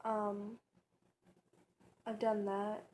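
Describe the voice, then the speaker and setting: A woman's voice: mid-range voice, monotone, extremely slow, a little mellow, a little hiss or hum. A woman vlogger talking casually in her bedroom, rambling and chatty, with lots of fillers and restarts. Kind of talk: casual tag video chat.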